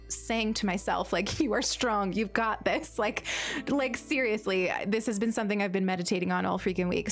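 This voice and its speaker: A young woman streaming, chatting casually and giggling, with lots of filler words. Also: mid-range voice. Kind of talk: casual chat while gaming.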